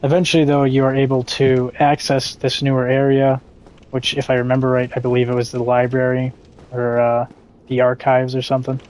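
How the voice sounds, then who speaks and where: A man's voice: medium pitch, completely flat delivery, a little fast, a little mellow, rough recording. Laid-back rambling gaming streamer man. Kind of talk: casual live gameplay commentary.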